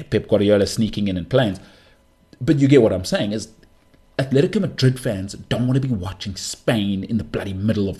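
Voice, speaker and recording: A man hosting a sports podcast, ranting his opinions with rhetorical questions and quick asides. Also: lowish voice, darkish tone, breathy edge. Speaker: podcast host.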